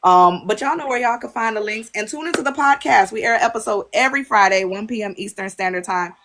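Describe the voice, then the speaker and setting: A woman, hosting a casual podcast chat and telling stories with lively quoted voices. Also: medium pitch, fast, slight background noise. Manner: animated storytelling, acts out quotes. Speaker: podcast host. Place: livestream on a social app.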